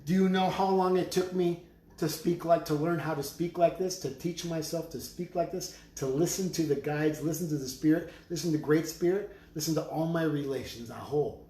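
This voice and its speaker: A man making drums, talking slowly with prayerful, emphatic declarations and chanted words as he presents his drums in his studio. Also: fairly high pitch, mellow. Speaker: drum maker selling drums on a live stream. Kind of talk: live sales stream with spiritual talk. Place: studio full of drums and rattles. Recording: roomy studio with faint noise.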